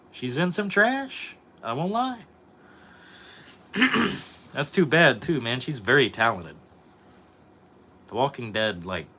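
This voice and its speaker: A man's voice: mid-range voice, bright, forceful tone, a little hiss or hum. A young man streaming, chatting casually with his viewers, rambling and swearing a lot. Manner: profane, rambling, reacting to chat. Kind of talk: casual live-stream chat.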